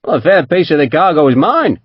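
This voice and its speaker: A man doing a blunt, gruff old merchant from a storybook, speaking in plain homely dialect with a raised, lively voice. The recording is dry and a little dull, with no room sound. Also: fairly high pitch, a little fast, dry recording, voice pushed up. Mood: angry.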